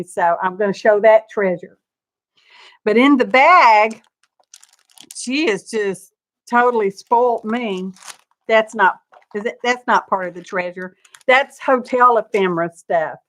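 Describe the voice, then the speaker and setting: This older woman's voice is medium in pitch, a bit bright and a little slow. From her studio she hosts a live craft show-and-tell for her channel, chatty and gushing, laughing a lot and greeting viewers by name.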